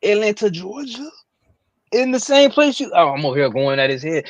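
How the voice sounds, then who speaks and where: High, lively man ranting incredulously. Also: moderate pace, no echo. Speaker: podcast co-host. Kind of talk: casual wrestling review chat.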